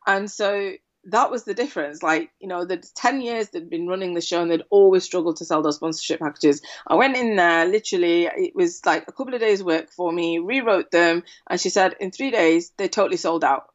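A woman copywriter chats as a guest in a casual interview, telling animated stories and frequently tagging sentences with "right?" Her voice is on the low side and fairly quick, and the recording's highs are cut off.

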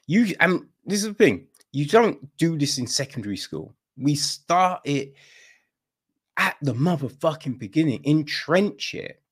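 A man co-hosting a podcast in casual, opinionated chat, talking in a profane, animated way and acting out little dialogues. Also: on the high side, unhurried, breathy edge. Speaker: podcast co-host.

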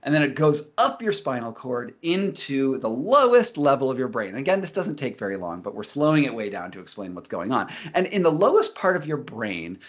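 A man explaining ideas in casual talk, animated and often repeating words as he restarts. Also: medium pitch, brisk, few pauses.

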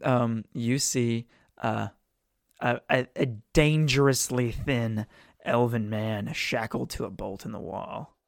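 A man guiding a tabletop game as its game master, narrating the scene at a middling pitch. His delivery is casual and easygoing, heard close and dry with no room around it. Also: steady tone, slow pace, vocal fry, no echo.

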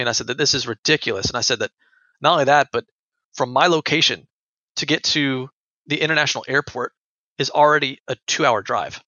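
A young American man earnestly tells a personal story in conversation, often repeating his words. His voice is medium pitch, brisk and sharp, with no echo and a dull, lo-fi, dry recording.

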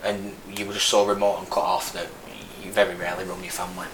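The speaker, a thirties man from Burnley, northern England, with a Lancashire accent, is an army veteran guest on a casual interview. His deep voice is flat in delivery, a bit bright, and fast, and he tells his story frankly while rambling with many restarts. Faint noise and echo fill the room.

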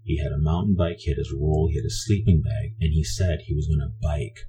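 A man's voice: extremely low pitch, a little fast. A man from Canada telling a personal story in a meandering, conversational way, often restarting his sentences.

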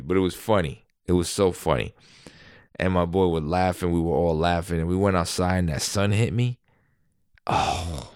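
New man, deep, dry close recording, rambling casual storyteller who swears. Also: no echo. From New York. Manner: rambling, animated, swears freely.

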